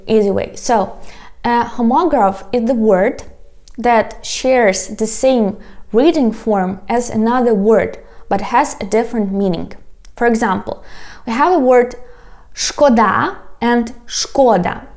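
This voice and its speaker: A native Ukrainian speaker with a Ukrainian accent teaches an online language lesson in a slightly high voice with a darkish tone. She's patient, talks directly to her viewers, calls them "guys," and repeats words slowly so they can practice.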